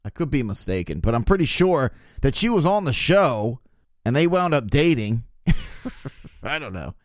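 A man's voice: medium pitch, sing-song, measured pace, dry recording, clean studio sound. Man telling a profane, casual story. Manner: profane, laughing anecdote telling. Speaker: podcast host.

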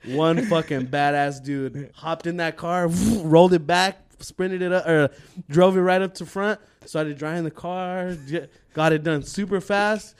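A young man casually telling a profane, animated work story on a podcast, laughing as he goes. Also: a little high, unhurried, clear, resonant tone. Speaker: podcast co-host.

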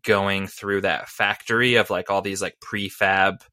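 A man's voice: sits low, flat delivery, measured pace, bright, forceful tone, no echo, clean studio sound. A man co-hosting a casual podcast chat about video games, rambling with lots of fillers and little laughs. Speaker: podcast co-host.

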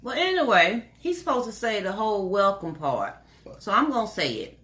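A woman's voice: medium pitch, very animated, moderate pace, sharp tone. A woman co-hosting a casual talk show, teasing her partner and laughing often. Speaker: co-host. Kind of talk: casual chat.

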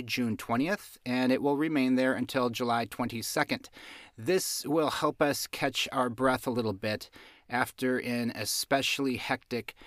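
A man's voice: medium pitch, no echo, studio quality. Giggly man hosting a podcast. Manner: giggly, self-amused, unhurried. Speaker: podcast host. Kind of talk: casual astrology podcast chat.

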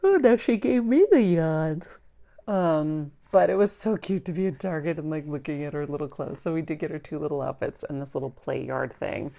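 Low-voiced chatty woman co-host. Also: steady tone, fairly quick, gravelly, hardly any pauses, dark tone. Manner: chatty, rambling with fillers. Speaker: podcast co-host. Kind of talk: casual chat.

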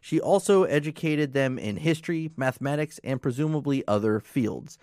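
A man's voice: medium pitch, animated, normal speed, darkish tone, no room sound, studio quality. A man co-hosting a casual podcast, reading facts from his notes with offhand asides. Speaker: podcast co-host.

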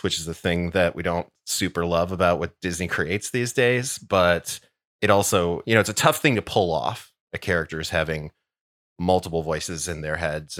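Man podcast co-host, very low voice, measured, dry studio sound. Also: fairly bright tone, dry recording. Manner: measured, hedging, laughs easily. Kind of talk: casual panel discussion.

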